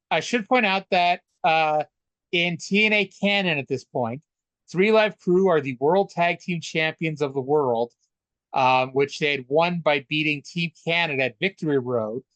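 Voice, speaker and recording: Dry-miked chatty man, slightly high. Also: unhurried, fairly bright tone, dry recording. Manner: chatty, stammering restarts, swears casually. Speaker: podcast co-host. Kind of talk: casual wrestling recap chat.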